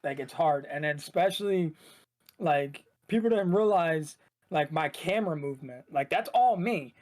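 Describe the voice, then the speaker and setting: A man, an esports shoutcaster, chatting casually as a guest in a loose, rambling way full of "like". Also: on the high side, animated, normal speed. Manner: loose, rambling, heavy use of "like". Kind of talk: casual podcast chat.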